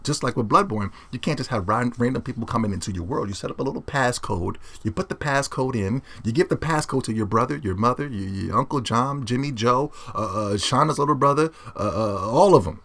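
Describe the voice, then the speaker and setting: A young man ranting about video games as a YouTuber, brash, boastful and profane, swinging between loud yelling and low muttering. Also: animated, fairly quick, gravelly, hardly any pauses. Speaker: gaming YouTuber.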